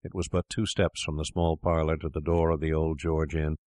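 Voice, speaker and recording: A man reading a classic story aloud in a measured, deliberate narration. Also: rumbling low, flat delivery, a little mellow, dry recording, clean studio sound.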